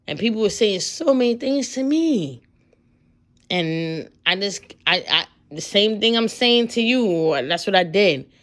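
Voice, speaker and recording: Profane animated woman giving a pep talk. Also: mid-range voice, unhurried. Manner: animated, profane, acts out voices in quotes. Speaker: tarot reader.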